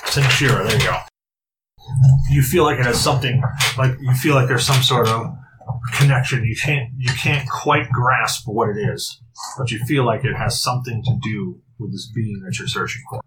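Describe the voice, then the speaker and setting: A man narrating a tabletop role-playing game as game master, halting, with frequent restarts and fillers. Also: mid-range voice, noisy background.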